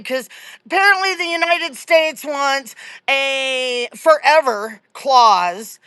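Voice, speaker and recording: Slow-talking woman from Louisiana. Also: high-pitched, pushed and bright, dry recording. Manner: chatty, sarcastic, many fillers and restarts. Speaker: political live-stream host. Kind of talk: casual political commentary.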